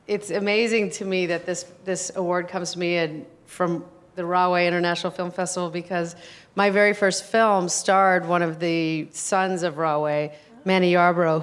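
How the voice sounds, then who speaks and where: Halting low-voiced woman filmmaker. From United States. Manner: halting, with many fillers and restarts. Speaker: filmmaker receiving an award. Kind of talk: acceptance speech and audience Q&A.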